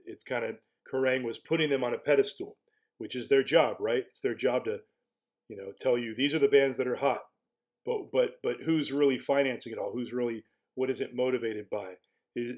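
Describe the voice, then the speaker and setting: Musing man asking rhetorical questions. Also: medium pitch. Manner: musing, asks rhetorical questions, frequent restarts. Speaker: blogger. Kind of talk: casual spoken commentary.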